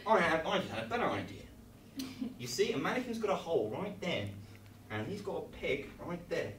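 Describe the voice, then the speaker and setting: A man plays a rambling host of a children's craft show, talking in a high, wildly swooping voice with fake-cheerful reassurance. He is caught from across a small, echoey comedy venue. Faint noise hangs under the recording. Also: sing-song, normal speed, a bit bright. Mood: chirpy instructional. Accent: English. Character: bumbling male kids' craft-show host. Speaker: improv performer. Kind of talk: live improv comedy scene. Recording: roomy distant mic, live audience laughter.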